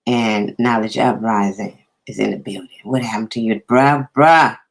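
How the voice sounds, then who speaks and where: A man's voice: fairly low pitch, normal speed, gravelly, rough recording. Laid-back man hosting a casual live chat. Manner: laid-back, greets viewers by name. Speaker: live stream host.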